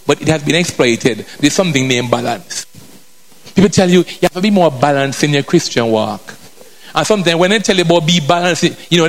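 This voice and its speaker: A male preacher giving an emphatic sermon with colloquial turns, repeating phrases and checking in with the congregation. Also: a little high. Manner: drifts in and out of a colloquial vernacular.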